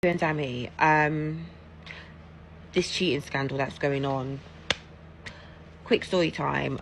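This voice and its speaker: A woman's voice: low-pitched, fairly even intonation, takes it slowly, gravelly, slight background noise. A woman with an English accent telling a casual, chatty story-time in an emphatic, gossipy way. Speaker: social media storyteller.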